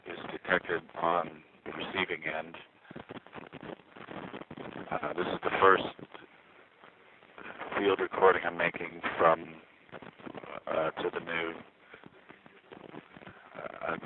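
Very low, flat-voiced man on a street payphone. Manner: halting, wry, full of uh and restarts. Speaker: amateur field recorder. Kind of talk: rambling sound-check monologue. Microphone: payphone receiver. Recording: noisy street payphone line. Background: traffic, car alarm and subway noise.

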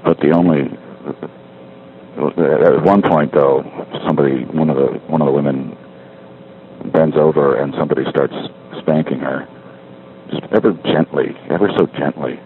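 A man's voice: extremely low pitch, steady tone, normal speed, pauses often. A middle-aged man calling from a street payphone, rambling wryly and correcting himself as he talks. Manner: meandering, self-correcting, wry. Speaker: caller leaving a spoken diary. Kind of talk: rambling casual monologue. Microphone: payphone handset. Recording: tinny payphone line with faint street noise.

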